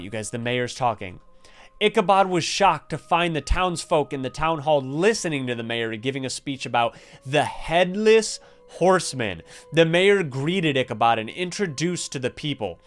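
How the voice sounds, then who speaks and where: A young man doing chatty, excitable gameplay commentary and reading the story aloud, dropping to a hush when things get creepy. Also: on the high side. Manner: excitable, chatty, drops to hushed tones when spooked. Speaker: gaming YouTuber.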